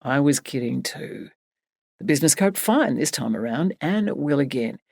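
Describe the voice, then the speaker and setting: Low dry teasing guy, woman reading him in an audiobook, bouncy delivery. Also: lively intonation, normal speed, creaky, darkish tone, no echo, heavily acted. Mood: reassuring. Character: easygoing adult man, teasing and smug.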